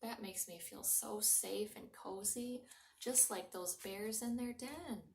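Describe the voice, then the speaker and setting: A children's librarian leads a mindfulness story time, gently guiding young children through slow breathing exercises in a soft, encouraging voice that sometimes drops to a whisper. She speaks slowly and calmly at a medium pitch. The home recording is roomy and echoing, with her heard from a little distance.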